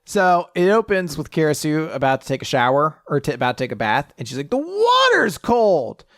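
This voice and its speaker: A man co-hosting a casual manga podcast, recapping a chapter in a lively, animated way and jumping up in pitch to quote characters. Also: fast talker, dry recording, studio quality. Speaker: podcast co-host.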